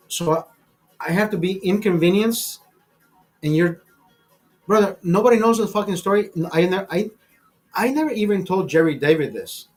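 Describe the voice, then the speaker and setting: High-pitched guy hosting his show, cussing a lot, repeats himself, faint music behind. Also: moderate pace, long pauses. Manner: profane, emphatic, repeats himself. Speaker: show host. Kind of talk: casual ranting storytelling.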